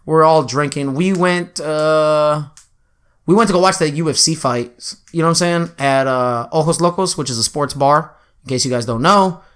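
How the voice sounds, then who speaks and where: On his podcast, a man with a smooth, slightly bright voice on the high side chats at normal speed through a crude, meandering story. He leans heavily on fillers and keeps saying "you know what I'm saying."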